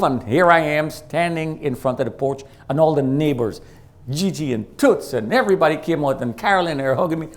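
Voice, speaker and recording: A man's voice: lively intonation, a little fast. A man preaching a personal testimony in church, telling the story dramatically and acting out the voices of the people in it. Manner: dramatic storytelling, shifts from loud and high to low and quiet; acts out quoted voices. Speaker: guest preacher. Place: church sanctuary.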